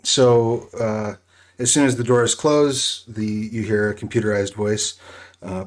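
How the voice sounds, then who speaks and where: A man narrating as game master of a tabletop role-playing game, relaxed and halting, with many fillers. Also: on the low side.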